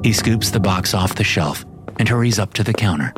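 Deep-voiced man reading horror. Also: brisk. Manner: wry, deadpan first-person delivery. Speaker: narrator. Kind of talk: first-person horror story reading. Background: music.

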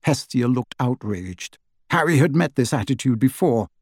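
A man narrating an audiobook in an expressive storytelling manner, close to the mic. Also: medium pitch, moderate pace, no echo. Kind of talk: scripted narration.

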